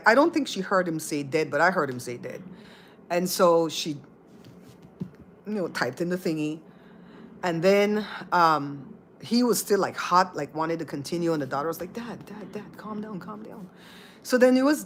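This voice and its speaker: Middle-aged woman telling a story on her channel, lowish voice that jumps way up for quotes, faint hum behind. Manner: animated storyteller, acts out quotes with big pitch jumps. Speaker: channel host. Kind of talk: casual storytelling vlog.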